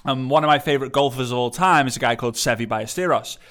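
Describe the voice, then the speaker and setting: An English man with an English accent and a slight lisp hosts a solo motivational podcast, speaking emphatically and energetically and repeating key phrases. His mid-range voice races along. He is still recovering from an illness and isn't fully well yet.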